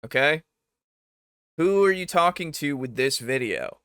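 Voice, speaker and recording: A man reacting to videos as host, arguing with what he hears in an animated, talkative way and laughing often. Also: on the high side, measured pace, smooth, no echo, studio quality. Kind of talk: casual reaction commentary.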